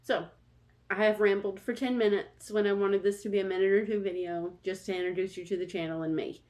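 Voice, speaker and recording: A woman's voice: mid-range voice, fairly even intonation, a little fast, a little mellow. A woman in her thirties talking casually to camera as a vlog host, candid and rambling. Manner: rambling, candid and self-deprecating. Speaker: channel host.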